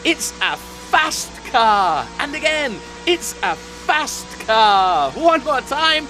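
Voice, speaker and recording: Slow, exaggerated children's presenter man. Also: very high voice, sing-song, music in the background. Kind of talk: children's educational show.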